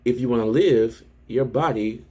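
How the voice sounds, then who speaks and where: A young man casually recapping a manga chapter and reacting to it, excited and profane, with lots of "um"s and restarts. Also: mid-range voice, normal speed.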